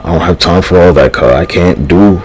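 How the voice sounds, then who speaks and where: Very deep, gravelly, slow-talking man. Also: a little mellow, a little hiss or hum. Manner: meandering, profane, slangy, with frequent sighs and fillers. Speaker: livestreamer. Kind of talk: rambling livestream monologue.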